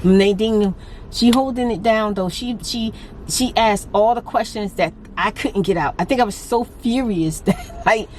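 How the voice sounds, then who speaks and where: A woman's voice: mid-range voice, a little slow, darkish tone, slight background noise. A woman vlogging casually, venting her frustration in a talkative, laughing way. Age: adult with a grown daughter. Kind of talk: casual vlog talk.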